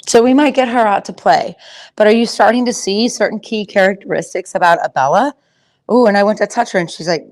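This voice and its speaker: A woman teaching about confidence while working with a horse. She talks in a loose, rambling way, full of fillers and restarts, with an easygoing, conversational pitch. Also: a little fast. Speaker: horse trainer and confidence coach. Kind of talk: casual teaching talk.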